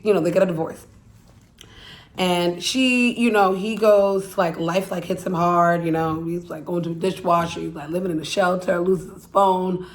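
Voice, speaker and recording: A woman's voice: on the low side, steady tone, normal speed. A woman hosting her own channel, casually recapping a film's plot in a rambling way, full of "like" and "you know," and swearing bluntly. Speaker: YouTube channel host.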